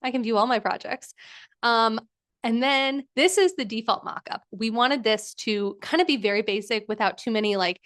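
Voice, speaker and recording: A young woman hosting a live workshop, walking through a design tool in a chatty, enthusiastic way with many fillers. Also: fairly high pitch. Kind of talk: casual live screen-share demo.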